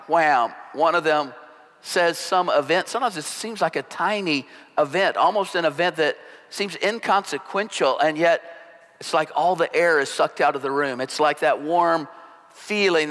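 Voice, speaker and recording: A male pastor preaching a sermon in a relaxed, conversational, joking storytelling manner. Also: fairly high pitch. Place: church sanctuary. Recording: long hall reverb.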